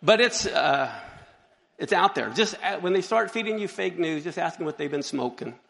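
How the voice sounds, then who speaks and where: Man, pastor, sermon, high pitch, gravelly, joking and animated, long hall echo. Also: moderate pace, a little hiss or hum. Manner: animated, joking, exclaims and laughs often. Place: church sanctuary.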